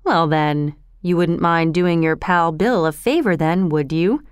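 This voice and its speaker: Woman playing a menacing thug, low voice, slow threats, storybook reading. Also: clear, resonant tone, no echo, studio quality, lightly acted. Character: brutal, menacing grown man, a thug.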